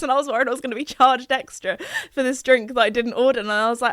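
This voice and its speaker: A woman's voice: on the high side, fast, a bit bright, dry recording, clean studio sound. A young woman with an English accent, hosting a podcast in casual, giggly chat full of "like". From England. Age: young adult. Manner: chatty and giggly, peppered with "like". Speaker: podcast host.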